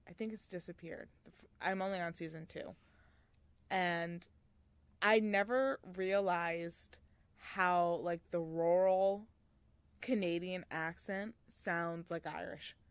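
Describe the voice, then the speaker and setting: A woman co-hosting a podcast in casual book-discussion chat, animated, swearing freely and laughing often. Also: on the low side, slow, clean tone, no echo. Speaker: podcast co-host.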